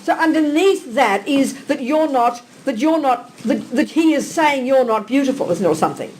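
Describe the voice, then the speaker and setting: A woman giving a live question-and-answer Buddhist teaching to an audience in a hall. She talks in an animated, blunt, teasing way and fires off rhetorical questions. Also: high voice, moderate pace, a little hiss or hum.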